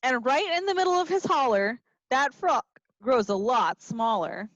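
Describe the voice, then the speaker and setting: A woman teacher reading a picture book and singing to young children in an expressive, playful way, with little gasps and asides. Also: high voice, moderate pace, no room sound. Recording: dry, slightly dull lo-fi sound.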